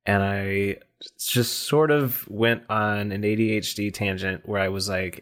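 A man's voice: fairly low pitch, steady tone, unhurried, a bit bright. A man chatting casually on a comedy podcast, rambling and self-mocking, laughing often.

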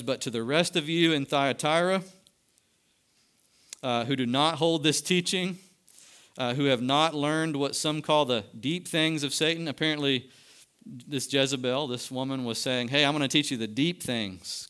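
A man's voice: medium pitch, a bit bright, smooth. A man preaching a sermon to his church, building to emphatic peaks. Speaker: pastor. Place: church sanctuary.

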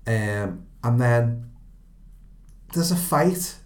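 A man's voice: mid-range voice, lively intonation, very slow, gravelly, darkish tone, roomy sound. A man hosting a casual film discussion, chatty and fond of quoting lines aloud. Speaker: podcast host, film reviewer.

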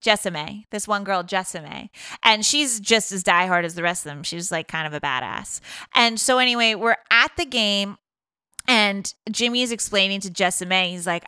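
Bright, chatty woman podcaster. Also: mid-range voice, normal speed, smooth, no echo, clean studio sound. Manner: chatty, rambling, lots of fillers. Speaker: podcast co-host recapping a film. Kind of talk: casual chat.

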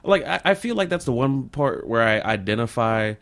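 A man's voice: medium pitch, big pitch swings, moderate pace, gravelly, a bit bright. A man chatting casually in a small studio, telling a rambling, self-deprecating story as a comedian guest. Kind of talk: casual chat on a podcast.

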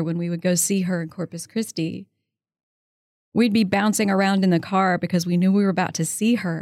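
A woman shares stories in a relaxed interview. She has a mid-range voice and speaks with warm, eager enthusiasm. The recording is dry and close. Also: mid-range voice, dry recording. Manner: warm, storytelling, enthusiastic about her faith. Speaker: guest author. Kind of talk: casual interview conversation.

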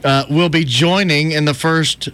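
A man's voice: fairly high pitch, steady tone, unhurried, bright, forceful tone. A man hosting a radio talk show, reading out news with sarcastic jokes and frequent laughter. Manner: sarcastic, jokey, laughs often. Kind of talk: casual radio banter.

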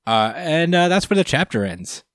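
A man's voice: on the high side, very animated, moderate pace, fairly bright tone, dry recording, clean studio sound. Laid-back swearing guy in casual chat. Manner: laid-back, swears, laughs often, acts out quotes. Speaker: podcast co-host. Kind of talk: casual chat recapping a manga chapter.

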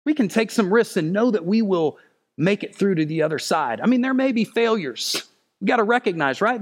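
Guy preaching a sermon, pretty high voice, earnest, keeps pleading with folks. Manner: earnest, pleading, swells louder and higher when stirred. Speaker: pastor.

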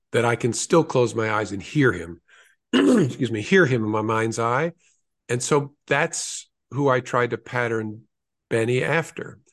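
Earnest storytelling man in an interview. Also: medium pitch. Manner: earnest, storytelling, with small restarts. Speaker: interview guest, author. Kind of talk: reflective interview answers.

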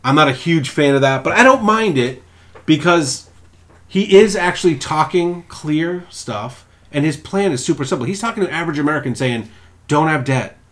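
Here a young male co-host talks at a moderate pace in a fairly high voice. The podcast chat is relaxed, and his stories come loaded with profanity and performed quotes.

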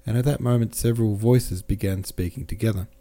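A man hosting a podcast and reading a classic novel aloud in steady, measured narration. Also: on the low side. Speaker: podcast host and reader.

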